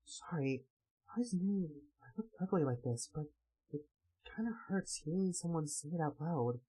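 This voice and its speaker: A man voicing a quiet, hesitant young woman, gentle, in a lively sing-song delivery. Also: a little high, measured pace, husky, full character voice, poor audio. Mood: hurt.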